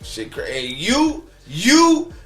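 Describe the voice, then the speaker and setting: Brief: male podcast guest with a high, sharp voice who rants with laughs over faint music. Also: extremely slow. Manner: profane, animated ranting with laughter. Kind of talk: casual chat.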